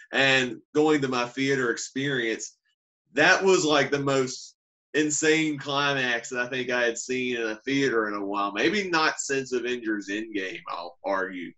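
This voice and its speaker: A man's voice: mid-range voice, sharp tone. Man sharing movie reactions on a podcast. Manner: enthusiastic, acts out quotes. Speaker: podcast co-host. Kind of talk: casual movie review chat.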